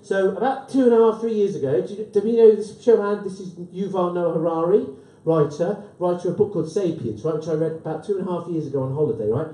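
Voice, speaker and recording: Man, 50s, event host; high-pitched, chatty, jokey live-talk delivery, roomy sound from a distance. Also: fast talker, hardly any pauses, warm tone. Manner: chatty, keeps tagging "right?" onto lines. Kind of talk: humorous live talk to an audience. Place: event room with an audience. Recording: roomy, voice from off the mic.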